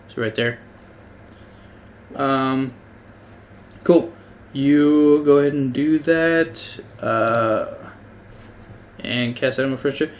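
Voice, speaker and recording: A man runs a tabletop game as game master. He talks slowly and hesitantly, with plenty of ums as he works out rulings. His pitch sits in the middle of a man's range. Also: fairly even intonation. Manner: hesitant, full of ums and rethinking.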